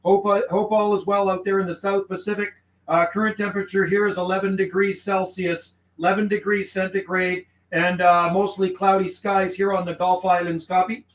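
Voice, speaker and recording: A man's voice: sits high, level tone, moderate pace, reverberant, low-quality recording. A man working as an amateur radio operator, chatting over the air in call signs and codes, then talking to himself as he logs his contacts. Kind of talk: casual radio call and logging chat.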